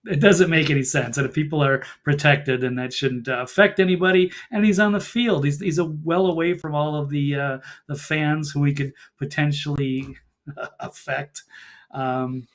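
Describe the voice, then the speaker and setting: A man's voice: a little high, moderate pace. A man appearing as a journalist guest on a talk show, speaking in an easygoing, hesitant way that often trails off. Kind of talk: casual talk show discussion.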